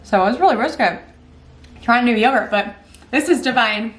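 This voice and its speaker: A woman's voice: a little high, moderate pace, a bit bright. A woman chatting in a casual vlog, bubbly and gushing. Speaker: astrology vlogger.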